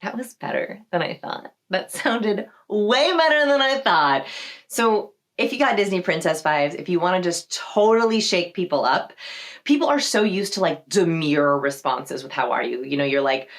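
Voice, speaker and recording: A woman's voice: fairly low pitch, animated, normal speed. A woman hosting a social skills tutorial, talking to camera in a playful way and acting out sample replies in different voices. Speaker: social skills video host. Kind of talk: upbeat tutorial talk to camera.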